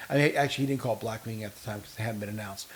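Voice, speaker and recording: A man co-hosting a casual podcast chat, telling long, animated anecdotes full of quoted dialogue. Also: lowish voice, racing, a little hiss or hum. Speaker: podcast co-host.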